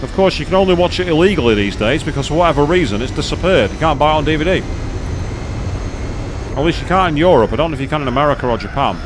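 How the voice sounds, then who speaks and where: Fast-talking and lively in intonation, this gaming streamer has a fairly high voice and a noisy background. He rambles through live commentary on a racing game, chatty and self-deprecating.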